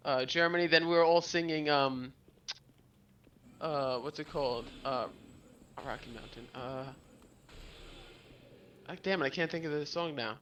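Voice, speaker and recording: A man's voice: fairly high pitch, measured pace, pauses often, fairly bright tone, slight background noise. An American man telling rambling, profane stories in casual chat on a gaming stream. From United States. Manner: rambling storyteller, loose and profane.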